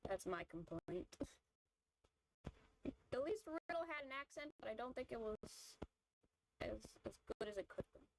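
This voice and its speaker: A woman's voice: fairly high pitch, sing-song, moderate pace, creaky, long pauses, noisy background. A woman streamer in casual chat, rambling through her opinions with lots of fillers and restarts. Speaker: vtuber streamer. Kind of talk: casual chat while drawing.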